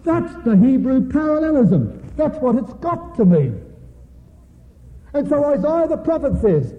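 A man with a high-pitched voice delivers a sermon, pressing each point and repeating it for emphasis. He keeps turning to address the congregation directly. The sound is thin and tinny, like a phone line, with a long reverb from a large hall. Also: sing-song, unhurried. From Australia. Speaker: preacher.

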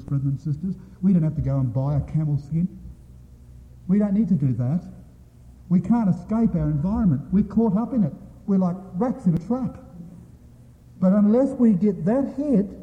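A man with a high-pitched voice delivers a sermon, pressing each point and repeating it for emphasis. He keeps turning to address the congregation directly. The sound is thin and tinny, like a phone line, with a long reverb from a large hall. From Australia. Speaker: preacher.

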